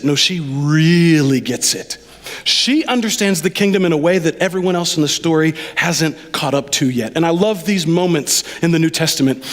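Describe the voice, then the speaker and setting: A man preaching a lively sermon as pastor, addressing the congregation directly and with animated delivery. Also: sits high, big-room sound. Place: church sanctuary.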